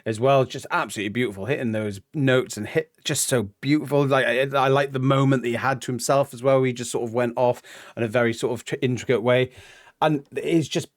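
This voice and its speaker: Man, reaction co-host, mid-low voice, dry close sound, thoughtful casual musing. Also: brisk, no room sound. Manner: thoughtful, musing with questions to himself. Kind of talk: casual music reaction chat.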